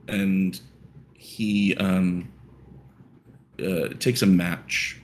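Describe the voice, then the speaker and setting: A man narrating a tabletop role-playing game as game master, relaxed and wry. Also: fairly low pitch, takes it slowly. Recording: clear music behind.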